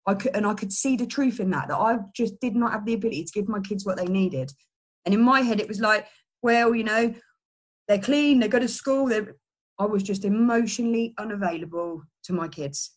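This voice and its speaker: A middle-aged woman giving an earnest personal testimony, halting and full of restarts and fillers. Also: medium pitch. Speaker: person in recovery sharing a story.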